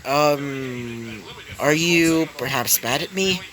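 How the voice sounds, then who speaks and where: A man's voice: on the high side, very slow, fairly bright tone, low-quality recording. A man reading as an awkward hesitant teenage boy. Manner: hesitant, full of ums. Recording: crowd noise behind.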